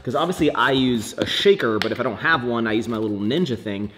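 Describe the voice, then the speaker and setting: A young man talking casually to camera in a vlog, joking and animated, swinging between loud excitement and low mutters. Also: fast talker, a little hiss or hum. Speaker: fitness vlogger.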